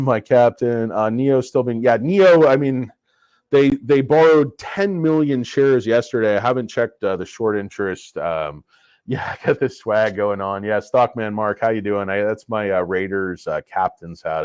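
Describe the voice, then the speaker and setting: A man's voice: fairly low pitch, darkish tone, no room sound. A man with a stuffy head cold hosting a casual livestream on a lapel mic, rambling and joking with viewers. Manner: rambling, jokey, chatting with viewers. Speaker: livestream host. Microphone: cheap lapel microphone.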